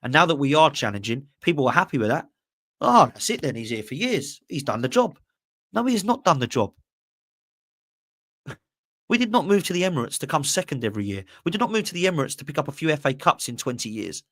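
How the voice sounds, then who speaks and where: A man's voice: on the high side, sing-song, quick pace, fairly bright tone, dry recording. A man, hosting a live fan podcast and ranting passionately while reading out viewer messages. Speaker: podcast host. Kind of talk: live-stream fan rant, reading super chats.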